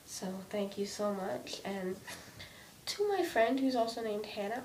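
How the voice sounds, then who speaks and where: A young woman vlogging an emotional rant about her own anxiety, halting and restarting often as she speaks. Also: lively intonation. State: anxious. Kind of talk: emotional personal vlog rant. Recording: distant mic with faint rumble.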